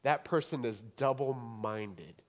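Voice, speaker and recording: A male pastor preaching a sermon, swinging between hushed, intimate stretches and rising, emphatic declarations. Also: medium pitch, takes it slowly.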